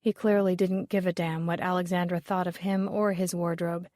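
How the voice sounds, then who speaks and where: A woman's voice: on the low side, flat delivery, moderate pace, dark tone, dry recording, studio quality. Woman narrating a mystery audiobook.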